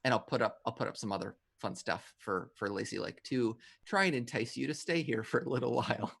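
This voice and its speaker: A man leading a tabletop game as game master, loose and rambling. His voice sits at a middle pitch with a gravelly fry. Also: brisk, a bit bright. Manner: rambling, many fillers and restarts.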